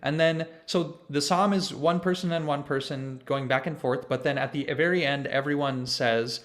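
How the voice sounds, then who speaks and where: A man's voice: fairly high pitch, steady tone, moderate pace, fairly bright tone. A young man in his twenties giving a conversational online presentation to a choir over a video call, explaining church music and leading chants. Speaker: conducting student presenting to a choir.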